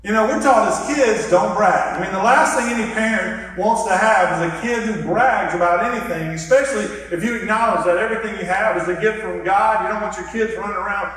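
A man's voice: high voice, a little fast, hardly any pauses, a bit bright. A man preaching a sermon as pastor, earnest and reflective, guiding his listeners through a simple hand gesture exercise. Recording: echoey hall from far off.

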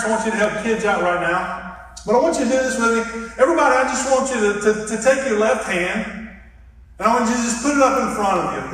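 A male pastor delivers a sermon in an earnest, reflective way, leading his listeners step by step. His voice sits fairly high for a man. It is picked up from well back in a large church hall, with a heavy, long-ringing echo. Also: a bit bright. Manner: earnest, reflective, leads the audience through a hand gesture exercise. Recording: echoey hall from far off.

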